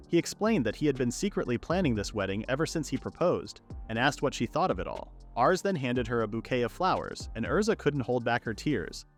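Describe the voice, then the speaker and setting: A man narrating a manga recap in a steady storytelling read. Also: mid-range voice. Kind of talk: scripted narration.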